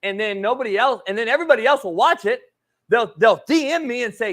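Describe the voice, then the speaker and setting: High, animated ranting sports host, man. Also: fast. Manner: profane, ranting, says homie a lot. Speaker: sports talk show host. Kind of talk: heated sports debate.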